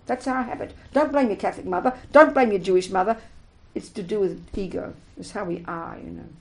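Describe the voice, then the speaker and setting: A woman giving a spiritual talk to a group, emphatic and animated, acting out little everyday scenes as she explains. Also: medium pitch, brisk, creaky, low-quality recording. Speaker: Buddhist teacher.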